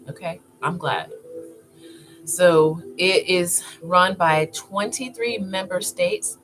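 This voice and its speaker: Chatty woman vlogger over background music. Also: on the low side. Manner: chatty, animated, laughs often. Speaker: wellness vlogger. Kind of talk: casual talk to camera. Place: indoor filming setup with two cameras. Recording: clear music playing behind.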